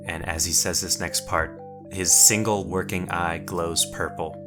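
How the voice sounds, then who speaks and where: A man narrating a tabletop role-playing game as game master, telling the scene slowly and voicing characters' lines. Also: low-pitched, flat delivery, over music. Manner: slow, measured storytelling with in-character quotes.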